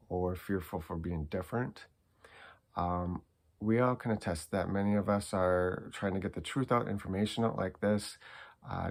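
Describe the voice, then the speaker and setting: A man hosting a spiritual channel, talking in a casual monologue, earnest and halting, with many fillers and restarts. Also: low-pitched, gravelly.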